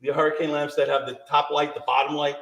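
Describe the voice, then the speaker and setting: A man's voice: a little high, flat delivery, fast, a bit bright, far from the mic, highs cut off. A middle-aged man animatedly telling a ghost story to a small live audience, laughing and acting out the voices. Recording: roomy sound from off-mic.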